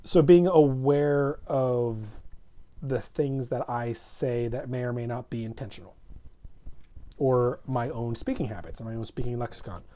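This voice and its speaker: A man chats casually about tabletop role-playing on a gaming podcast, his voice mellow and dark. He rambles, restarting and correcting himself as his thoughts catch up with his words. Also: medium pitch, a little slow. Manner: rambling, with many false starts and self-corrections. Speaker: co-host.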